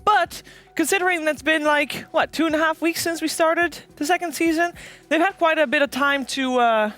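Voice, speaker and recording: A woman hosting a live esports analysis desk, brisk and joking as she keeps the show moving. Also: high-pitched, a bit bright, soft background music. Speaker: esports broadcast host.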